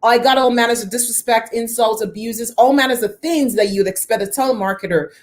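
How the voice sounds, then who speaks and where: A woman in her thirties who lives near Toronto tells a personal story on a live stream, her voice a little high and fairly quick. She greets viewers by name and swings her pitch up and down for drama.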